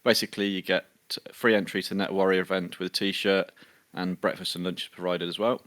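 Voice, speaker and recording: Very deep, flat-voiced British man. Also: a little fast. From United Kingdom. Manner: steady, matter-of-fact, with many ums. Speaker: podcast co-host. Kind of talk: casual news roundup.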